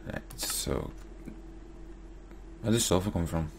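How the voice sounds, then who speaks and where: A man's voice: low voice, expressive, slow, noisy background. A man giving casual Let's Play commentary, muttering to himself and getting mildly exasperated as he crafts. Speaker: gaming YouTuber.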